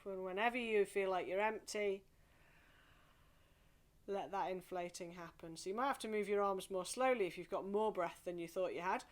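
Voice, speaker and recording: A woman leading a singing group through a gentle warm-up, coaching softly and encouragingly. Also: medium pitch, a little hiss or hum. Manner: soft, encouraging, slow coaching with playful vocal exercises.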